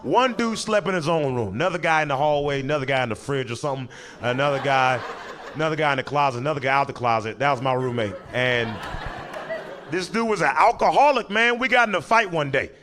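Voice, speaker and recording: A young adult man telling a story in stand-up style, animated and often laughing at his own jokes. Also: on the high side, quick pace. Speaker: stand-up comedian.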